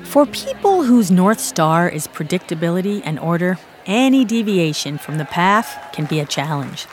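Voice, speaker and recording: A woman hosting a radio show, reading calm, measured introductions between stories. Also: fairly low pitch, soft background music. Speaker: radio host. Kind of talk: scripted radio narration.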